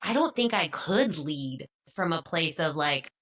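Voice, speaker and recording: Female podcast host. Bright, punchy tone, lowish pitch, animated casual talk. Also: a little slow. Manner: lively, emphatic, laughs between points. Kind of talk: casual chat.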